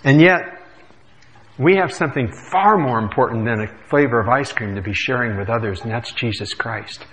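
A man's voice: mid-range voice, moderate pace, a bit bright, long reverb tail. A man who is a pastor, giving a sermon in a church with conversational asides and frequent "uh" fillers. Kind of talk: sermon with scripture reading. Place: church sanctuary.

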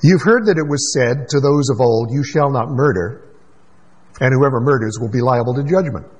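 Male pastor, husky voice, emphatic sermon delivery with quick asides. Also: medium pitch, darkish tone, low-quality recording.

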